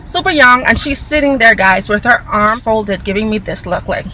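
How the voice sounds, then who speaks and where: A woman telling a casual storytime vlog, animated, talking to her viewers and acting out what people said. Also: a little high, moderate pace, a little hiss or hum, poor audio. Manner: acts out quoted dialogue in raised voice. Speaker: vlogger.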